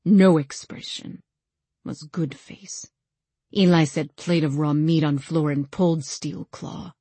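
A woman narrating a story in the first person with a measured, deliberate reading. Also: sits low, steady tone, dark tone, breathy edge, no echo. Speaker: audiobook narrator.

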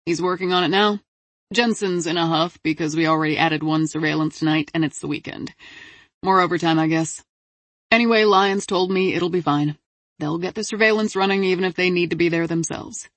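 A woman's voice: on the low side, a little fast, no echo, close to an everyday voice. A woman voicing a male detective giving a matter-of-fact case briefing over the phone in an audiobook. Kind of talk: audiobook character voice.

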